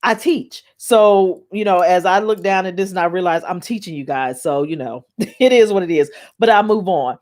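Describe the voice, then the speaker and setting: A woman, hosting a spiritual talk show from her home on camera, talking in a chatty, excitable way and often laughing. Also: on the low side, moderate pace. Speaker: spiritual podcast host. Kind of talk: casual chat, reading aloud and teaching.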